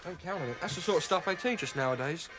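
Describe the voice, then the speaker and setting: A young actor playing a cheeky, wisecracking schoolboy son in a TV drama. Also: male voice, fairly high pitch, lively intonation, fast, music in the background, natural voice. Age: teenage.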